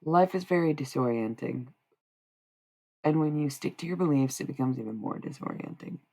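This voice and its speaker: A woman's voice: low-pitched, expressive, moderate pace, gravelly, mellow, a little hiss or hum. An American woman in her thirties chatting casually and wryly with her live stream chat, rambling and swearing. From United States.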